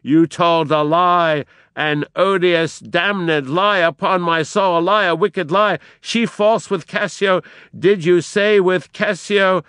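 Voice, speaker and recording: A man's voice: sits high, steady tone, slow, fairly bright tone, smooth, no echo, clean studio sound, voice pushed up. A man voicing a furious, grief-stricken woman servant in an impassioned dramatic reading of verse. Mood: outraged.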